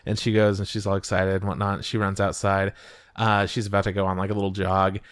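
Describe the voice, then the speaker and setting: Swearing, animated male podcast host. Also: fairly quick, clean tone, dry recording. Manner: profane, animated retelling with falsetto quotes. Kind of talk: casual chat recapping anime.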